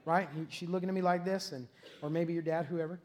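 A middle-aged man preaches from the pulpit in a fairly high voice. He tells a self-deprecating story with plenty of laughter, then builds to shouted, excited peaks. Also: a little fast. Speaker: pastor. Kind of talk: storytelling sermon.

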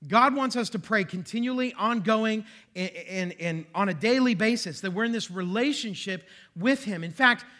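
Bright-voiced high-pitched male pastor. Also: normal speed. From western Pennsylvania. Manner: conversational, self-deprecating humor with frequent asides. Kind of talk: sermon. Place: church sanctuary.

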